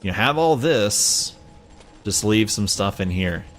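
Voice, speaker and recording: A man's voice: fairly low pitch, lively intonation, a little slow, faint music behind. Laid-back Southern man narrating gameplay. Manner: rambling, chatty, self-mocking. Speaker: let's play gamer. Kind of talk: casual gameplay commentary.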